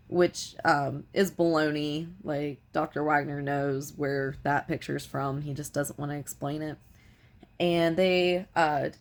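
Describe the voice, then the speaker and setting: A woman talks through a film's story for a review, loose and conversational, stringing events together with "and" and "like". Her voice sits low in pitch. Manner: rambling retelling full of "like" and "you know". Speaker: film reviewer. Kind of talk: casual film review recap.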